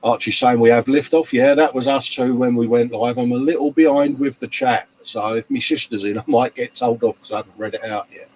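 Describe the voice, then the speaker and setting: This tired live-stream host, running low on sleep, chats through viewer comments at his hobby workshop bench, calling people mate and love. He talks briskly with hardly any pauses, in a slightly mellow mid-range voice with fairly even intonation. There's slight background noise and the recording is low quality.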